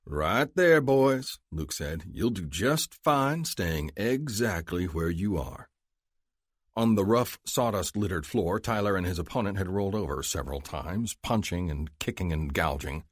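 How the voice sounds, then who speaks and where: A man doing scripted narration of an audiobook in a measured storytelling manner. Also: deep voice, no room sound, clean studio sound.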